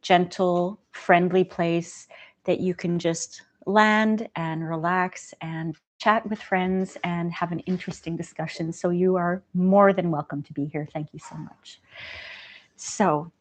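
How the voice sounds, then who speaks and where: A woman hosting a casual livestream, talking in a gentle, chatty way and laughing often. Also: fairly low pitch, steady tone, slow. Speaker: livestream host.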